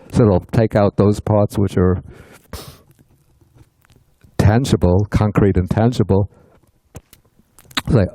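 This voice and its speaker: An older man teaching a Buddhist text in a relaxed, storytelling way, often laughing as he talks. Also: on the low side, no room sound, rough recording. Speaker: teacher leading a sutta study class. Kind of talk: casual teaching talk.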